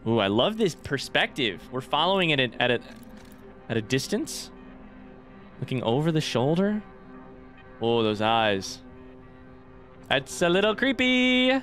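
A man's voice: medium pitch, big pitch swings, unhurried, long pauses, fairly bright tone, soft background music. A young man giving casual let's play commentary on a blind playthrough, swearing freely and gasping or shrieking when startled. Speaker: gaming YouTuber.

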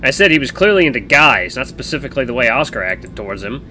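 A man voicing a stoic, gruff young man who is a protective older brother, curt and firm. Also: medium pitch, big pitch swings, fast talker, bright, forceful tone, faint music behind.

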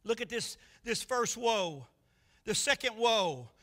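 High, bright-voiced preacher. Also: male voice, animated, slow. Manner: impassioned preaching with rhetorical questions. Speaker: pastor. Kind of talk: sermon. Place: church sanctuary.

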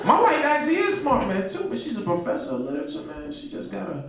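Guy doing stand-up, bouncy storytelling, roomy club sound w loud crowd laughing. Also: extremely high pitch, fast talker, vocal fry, few pauses, far from the mic. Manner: animated storytelling with mimicked voices. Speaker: stand-up comedian. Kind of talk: stand-up routine on stage. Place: comedy club stage.

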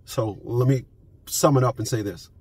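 A man's voice: mid-range voice, normal speed, darkish tone, slightly rough. A man ranting into his phone camera from his parked car, profane and emphatic, repeating his points. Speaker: vlogger. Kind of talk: unscripted ranting vlog.

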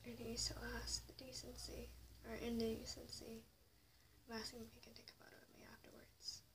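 A woman's voice: on the high side, level tone, brisk. A young woman telling a personal story to camera, often dropping to a whisper and rising sharply in anger. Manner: confessional, swings between hushed whispers and raised anger. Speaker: vlogger. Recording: slightly distant mic with faint noise.

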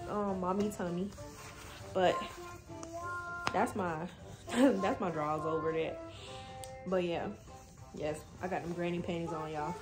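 A young woman chatting casually to her viewers in a phone vlog from her bedroom, loose and slangy, swearing freely. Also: lowish voice. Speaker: vlogger. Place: bedroom at home. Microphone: phone camera.

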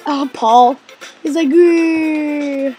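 A woman hosting a let's play, chatting excitably as she plays, cheering her character on and sometimes dropping into a whisper. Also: high-pitched, unhurried, soft background music. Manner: drops into whispers now and then. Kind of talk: gaming commentary.

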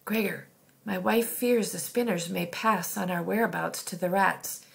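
A woman voicing a gentle, worried man speaking in a whisper. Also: on the low side, a little slow, gravelly. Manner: whispering, unhappy. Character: worried, gentle male noble.

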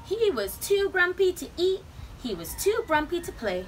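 Animated woman reading picture books aloud. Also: extremely high pitch, normal speed, slight background noise, poor audio. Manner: expressive, animated storytelling. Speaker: children's story reader.

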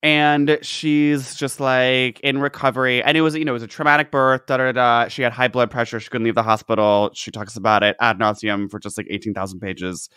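Man, podcast co-host, sarcastic gossip riffing, mid pitch, close dry mic. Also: flat delivery, fairly quick, few pauses, pushed and bright, smooth, no echo. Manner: sarcastic, riffing, heavy use of "like". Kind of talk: casual gossip chat.

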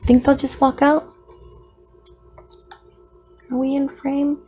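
A woman's voice: sits high, level tone, takes it slowly, mellow, slight background noise. A woman narrating a casual unboxing of her new pets, gushing and slipping into baby talk. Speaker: isopod hobbyist vlogger.

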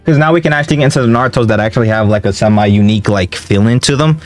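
A young man commenting on his own gameplay, excitable and slangy, often yelling and trash-talking the game as he plays. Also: mid-range voice, racing, soft background music. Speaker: gaming streamer.

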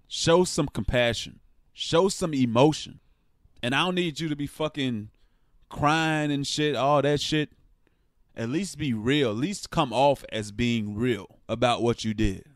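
A man's voice: medium pitch, no room sound, clean studio sound. A man giving his blunt opinion on a sports story in a casual vlog, often swearing and pushing hard on his points. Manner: blunt and frank, with profanity; passionate, rising emphasis. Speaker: sports vlogger.

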